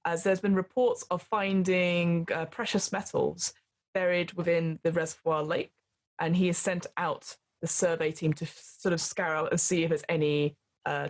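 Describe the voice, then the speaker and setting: A woman's voice: lowish voice, normal speed. A woman running a tabletop horror game as game master, narrating scenes in a rambling way full of fillers and laughter.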